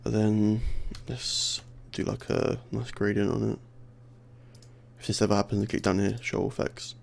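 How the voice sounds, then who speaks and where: Young man, lisp, low and heavily gravelly, tired worn voice; casual self-deprecating tutorial host thinking aloud, keyboard clicking behind. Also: little pitch movement, a little slow. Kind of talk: casual screen-recorded software tutorial. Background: keyboard clicks and typing.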